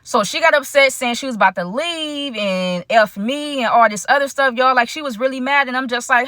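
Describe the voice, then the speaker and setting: Bright, chatty woman telling a story. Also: on the high side, fairly quick, hardly any pauses, dry recording, studio quality. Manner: chatty, addresses viewers directly; slangy, frequent fillers. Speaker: storytime vlogger. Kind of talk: casual storytime vlog.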